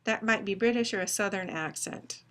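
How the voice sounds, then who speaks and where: A woman phonetics instructor giving a recorded lecture, deliberately spelling out sounds and dictating test words. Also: medium pitch, fairly bright tone.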